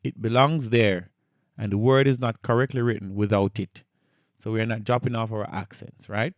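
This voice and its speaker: A man's voice: lowish voice, fairly even intonation, moderate pace, no room sound. Patient man teaching in a dry recording. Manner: patient, repeats key points, checks in with "right?". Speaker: Greek instructor. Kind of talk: recorded online lecture.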